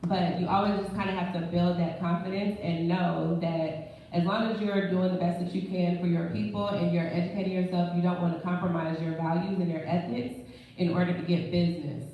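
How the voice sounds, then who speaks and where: A woman's voice: lowish voice, flat delivery, brisk. A young woman who works as a mortgage branch manager, telling her career story in a candid, self-assured, conversational way on a live panel. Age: young adult. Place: live event room. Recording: echoey room, distant mic, dull sound, faint noise.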